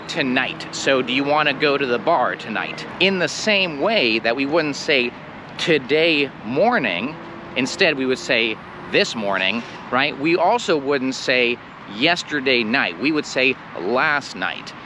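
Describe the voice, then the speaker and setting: A man with an American accent giving a casual spoken English lesson, slowing down to model example phrases. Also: mid-range voice. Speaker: English teacher. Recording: clear street and traffic noise.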